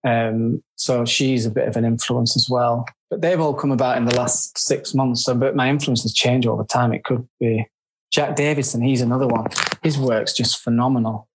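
A man's voice: medium pitch, steady tone, a little hiss or hum. A man who works as a photographer, talking casually as an interview guest, chatty with frequent restarts. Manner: chatty, halting, self-described grumpy.

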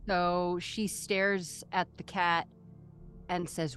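A woman's voice: fairly low pitch, steady tone, drawn-out words, fairly bright tone, faint music behind. A woman playing a tabletop game, chatty and self-deprecating as she describes her character's moves. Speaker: player. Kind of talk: casual play at a tabletop game.

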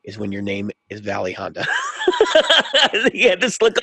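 A man's voice: fairly low pitch, huge pitch swings, fast talker, gravelly, fairly bright tone, husky, no echo. A man co-hosting a podcast who tells a long story in casual chat and acts out both sides of a heated exchange. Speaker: podcast co-host.

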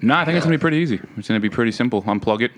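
Quick, dry-spoken young man. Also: medium pitch, animated. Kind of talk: casual chat among friends.

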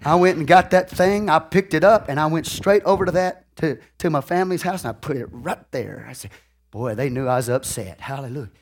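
A pastor with a fairly high voice tells folksy stories to his congregation, talking a little fast. His animated storytelling swings between loud, excited outbursts and quiet, confiding asides, and he keeps checking whether the room is following him.

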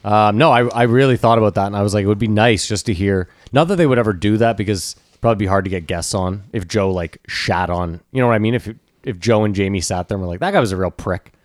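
A man's voice: on the low side, quick pace, few pauses, dry recording, clean studio sound. A man co-hosting a podcast in loose, casual chat, dropping "dude" and the odd swear word. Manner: laid-back, swears casually, says "dude". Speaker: podcast co-host.

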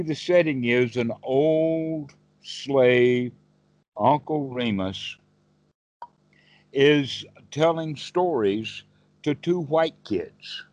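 A man's voice: medium pitch, a little mellow, dry recording. A man teaching as a dharma teacher, telling a folk tale in a folksy, rambling way with many fillers on a video call. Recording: dull, dry video call audio.

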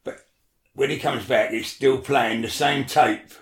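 A man's voice: medium pitch, a little slow, roomy sound. A man telling a story in casual chat, swearing freely and acting out what people said. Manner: animated, swears a lot, acts out quotes. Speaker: storyteller guest.

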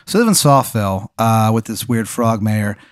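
A man's voice: fairly low pitch, no echo. Dry-voiced man spinning absurd hypotheticals. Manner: absurd deadpan scenario-spinning, halting with fillers. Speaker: podcast host posing a hypothetical. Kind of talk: casual improvised storytelling.

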